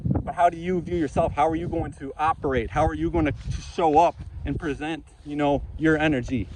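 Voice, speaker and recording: Guy ranting hard outdoors, kinda high voice, swears a lot, keeps repeating himself. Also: steady tone, a little fast, darkish tone, slight background noise, rough recording. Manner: intense, profane, repetitive ranting. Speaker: vlogger. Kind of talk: impassioned monologue to camera. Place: outdoors among trees.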